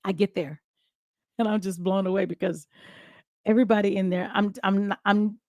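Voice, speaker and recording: A middle-aged woman hosts a live-streamed show from home, talking straight into a close webcam. Her delivery is chatty and loose, full of restarts and laughter, at an ordinary pitch for a woman. The sound is dry, with no room echo. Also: steady tone, a little fast, a little mellow. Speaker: host. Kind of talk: casual live-stream chat. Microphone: webcam close to face.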